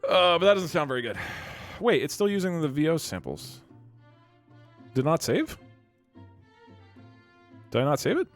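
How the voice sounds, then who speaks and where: A man's voice: fairly high pitch, big pitch swings, moderate pace, pauses often, faint music behind. A young man hosting his channel, thinking aloud and rambling as he tinkers on screen. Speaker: YouTube streamer host. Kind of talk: casual commentary while working on screen.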